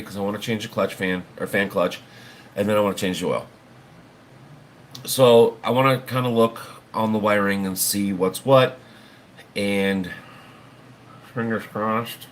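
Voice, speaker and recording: A man's voice: on the low side, a little hiss or hum. A man hosting a livestream, chatting casually in a rambling, folksy way and swearing now and then. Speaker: livestream host.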